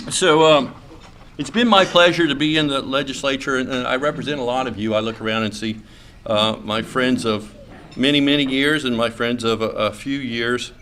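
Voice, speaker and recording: A man's voice: mid-range voice, fairly bright tone, slight background noise. Folksy man giving a club speech. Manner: folksy, hesitant with many fillers and restarts, joking. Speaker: state senator giving a speech. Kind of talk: after-lunch club speech. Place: club meeting room.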